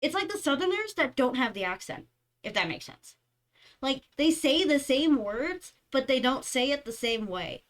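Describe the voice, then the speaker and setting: A young woman streamer chatting casually, with a slightly high voice. She rambles from one anecdote to the next and giggles often between thoughts. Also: big pitch swings, normal speed, fairly bright tone. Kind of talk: casual chat.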